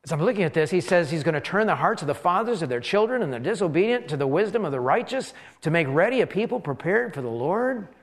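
A preacher telling a dramatic first-person sermon as an elderly priest who talks with exclamations and wry asides about himself. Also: male voice, high voice, fast talker, hardly any pauses, long reverb tail. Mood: rueful. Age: older. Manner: animated, exclaiming, self-deprecating asides. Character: elderly male priest, amazed and rueful.

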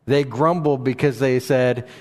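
A man preaching a sermon and reading scripture aloud, often restarting his sentences, and going higher in pitch when he stresses a point. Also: steady tone. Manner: halting, with frequent restarts and fillers; rises in pitch for emphasis when paraphrasing. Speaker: pastor. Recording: long hall reverb.

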